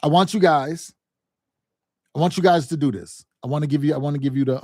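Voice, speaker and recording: Speaking fairly quickly in a somewhat dark tone, this male sales coach has a fairly high voice and teaches a motivational sales lesson using casual, loose vernacular. Emphatic and repetitive, he keeps checking in with "right?" and "okay?" and performs quoted phone calls and family scenes with extra liveliness. There's no room echo; the sound is close and dry.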